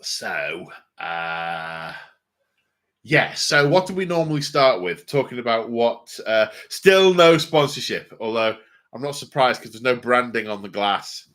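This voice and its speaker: An Englishman hosts a relaxed livestream about his hobby. He rambles with plenty of fillers and pokes fun at himself along the way. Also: mid-range voice, unhurried. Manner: rambling, self-mocking, many fillers. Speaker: hobby channel host. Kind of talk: casual livestream chat.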